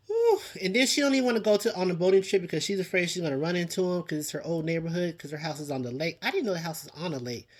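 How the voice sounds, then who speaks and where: A channel host reviewing a reality show talks fast in a mid-range voice with big pitch swings. Exasperated and dramatic, she sighs often and exclaims, addresses people directly, and repeats lines for emphasis in her casual commentary.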